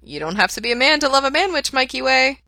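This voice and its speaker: A woman reading aloud who puts on a playful, eager young man with a higher, louder, halting voice. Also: animated, no echo. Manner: halting, eager, raised and louder than the narration.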